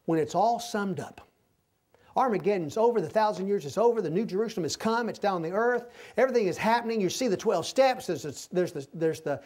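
High-pitched folksy man preaching. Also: lively intonation, fairly quick, darkish tone. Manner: folksy, repeatedly checks in with the listeners. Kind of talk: conversational verse-by-verse sermon.

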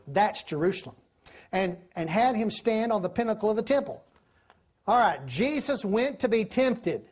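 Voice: medium pitch, darkish tone, breathy edge. A preacher, giving a sermon, telling stories and asking the listeners questions. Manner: storytelling, asks the listeners questions.

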